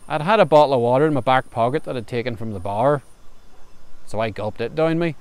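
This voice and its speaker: A man's voice: medium pitch, a little fast, clear, resonant tone. A man telling a humorous folk tale outdoors on a farm, in a chatty yarn-spinning manner. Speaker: storyteller. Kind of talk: spoken folk storytelling. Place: outdoors under a tree on a farm. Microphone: camera recording outdoors.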